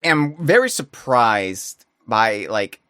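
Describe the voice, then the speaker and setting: A man hosting a podcast, chatting casually and telling stories with excitable energy. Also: mid-range voice, takes it slowly, clear, resonant tone, no echo, studio quality. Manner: animated, excitable storytelling. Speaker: podcast host. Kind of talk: casual chat.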